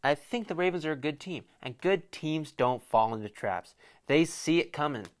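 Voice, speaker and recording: His voice runs a little high and animated as this young man previews a game on his casual solo sports podcast. He rambles, jokes, and talks in fast bursts.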